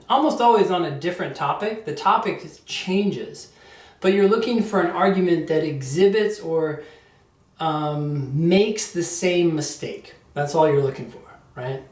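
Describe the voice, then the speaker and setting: A man teaching a test prep lesson in a conversational way, often checking in with his listeners. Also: on the high side. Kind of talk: casual explanatory lecture. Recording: roomy echo, distant mic.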